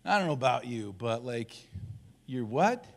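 An older man, a church elder, giving a relaxed conversational sermon and acting out the voices of the people in his story. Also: mid-range voice, unhurried, gravelly.

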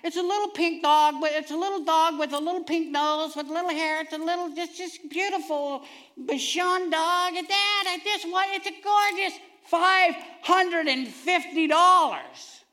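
An excited little boy gushes over a puppy in a high, sing-song plea, put on by a man. The voice sits far above the speaker's own and rings bright. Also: a little slow, full character voice. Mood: pleading.

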